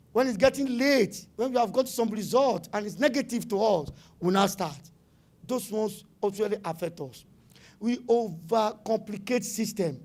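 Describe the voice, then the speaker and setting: A middle-aged Nigerian man speaking at a business summit in a high, bright voice. He talks emphatically and hammers his points by repeating words. Now and then he slips into pidgin phrases. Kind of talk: animated conference talk.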